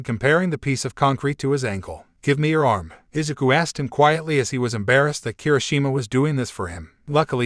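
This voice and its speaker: A man reads a fan-fiction story aloud in a steady audiobook narration. His voice sits at a middle pitch. The recording is dry and close, with no room echo.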